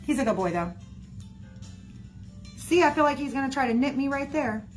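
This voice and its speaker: A woman with a somewhat high voice chats casually and rambles on to her viewers. She talks loosely, with plenty of "like" and "y'all", and faint music plays behind her. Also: expressive, normal speed. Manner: rambling, chatty, heavy on "like" and "y'all". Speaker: livestreamer talking to viewers. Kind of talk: casual chat.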